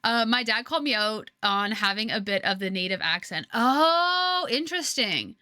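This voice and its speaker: Chatty young woman streamer, bright voice. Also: a little high, expressive, moderate pace, dry recording, studio quality. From Canada. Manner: chatty, rambling with many fillers and restarts. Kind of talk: casual chat with viewers. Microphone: headset.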